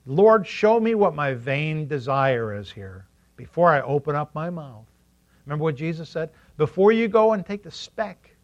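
Animated man preaching a sermon. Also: on the high side. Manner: animated, asks the congregation questions, acts out quotes in funny voices. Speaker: pastor. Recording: dull lo-fi recording.

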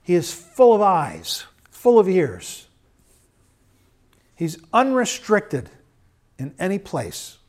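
A middle-aged man preaching a sermon, swinging between loud urging and quiet storytelling. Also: high-pitched, wildly swooping pitch, slow, pauses often.

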